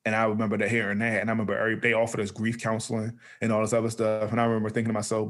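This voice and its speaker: Fast-talking man telling a story. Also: fairly low pitch. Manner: animated storyteller acting out voices, laughing often. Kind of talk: casual storytelling.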